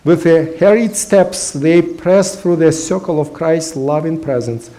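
A man's voice: fairly high pitch, measured pace, mellow. A man preaching a sermon in English, which is not his first language, earnest and emphatic with frequent hesitations. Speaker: pastor.

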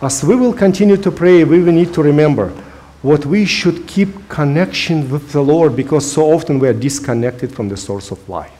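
A pastor preaching in English, his second language, in an earnest and emphatic way, pausing often with small hesitations. His voice sits a bit high for a man, with a mellow, soft tone. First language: not English. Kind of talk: sermon.

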